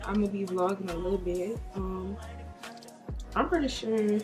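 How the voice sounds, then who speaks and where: A woman's voice: medium pitch, normal speed. A woman chatting casually to her viewers, talking to them as "y'all" with playful asides while she installs a wig. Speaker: beauty vlogger. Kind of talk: casual chat to camera during a wig install. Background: hip hop music.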